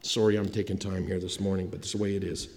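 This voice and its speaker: Mellow-voiced pastor preaching in a hall. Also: male voice, low-pitched, level tone, fast talker, a little hiss or hum. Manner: dramatic storytelling, swinging from loud emphasis to hushed. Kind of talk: sermon. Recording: long hall reverb.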